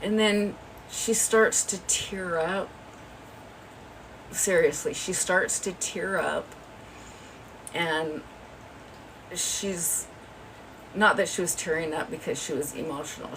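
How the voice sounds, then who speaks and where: A woman's voice: low-pitched, slow pace, pauses often, fairly bright tone, distant mic, a little hiss or hum, rough recording. A woman hosting a livestream, telling a rambling, gossipy story in a chatty way. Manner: rambling, chatty, often laughing. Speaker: livestream host. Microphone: phone.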